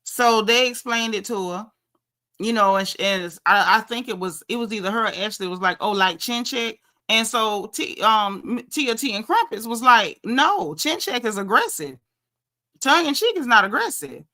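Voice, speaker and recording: A woman casually recapping a reality show episode, gossipy and animated. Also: on the high side, normal speed. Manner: animated, gossipy, quotes people in lively asides.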